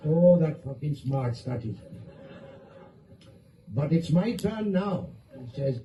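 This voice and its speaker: Speaking slowly with lively intonation, a man whose voice is on the high side tells bawdy jokes, swearing freely and switching character voices. The audio is dull with a little hiss or hum, captured by phone video from a distance in an echoey room.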